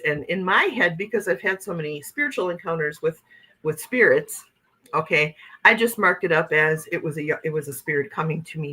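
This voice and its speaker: Heard on a low-quality recording, this woman has a deep voice with a sharp tone. She hosts a casual livestream, reading viewer comments aloud and rambling conversationally, peppering her talk with "okay" and "you know what I'm saying."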